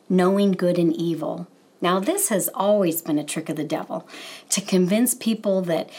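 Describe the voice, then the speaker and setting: Measured woman teaching a Bible lesson. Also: lowish voice, husky. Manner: measured, explanatory, spells out Hebrew terms.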